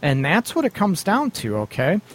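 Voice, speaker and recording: A man's voice: on the high side, wildly swooping pitch, moderate pace. A man hosting a radio advice show, talking bluntly and casually about relationships with frequent laughs and mild swearing.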